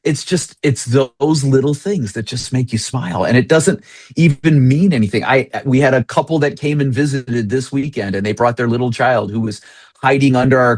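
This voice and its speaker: A man who is a pastor, a guest on an interview, telling lively, joking stories about his church. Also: medium pitch, no echo. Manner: jokey, animated storyteller. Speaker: associate pastor.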